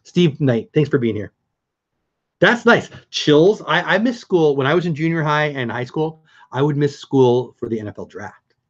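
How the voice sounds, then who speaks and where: A man's voice: a little high, expressive, normal speed, highs cut off. A middle-aged man hosting a casual live stream, chatting upbeat with viewers and answering their comments.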